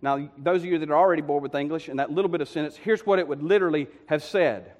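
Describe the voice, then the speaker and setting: A man preaching a sermon, telling the story with lively, conversational asides to the congregation. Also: fairly high pitch, rapid-fire. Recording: long hall reverb.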